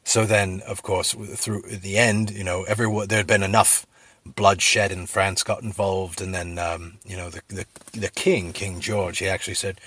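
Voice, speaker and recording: A middle-aged man telling a rambling comic story full of fillers, with a husky voice. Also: low voice, moderate pace, dry recording. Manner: rambling, filler-heavy, deadpan, then sincere. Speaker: comedic video host.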